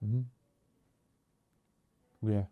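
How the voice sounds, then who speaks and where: A young man co-hosting a casual comedy podcast, joking with a deadpan tone and laughing often. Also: extremely slow, phone-quality sound. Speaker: podcast co-host.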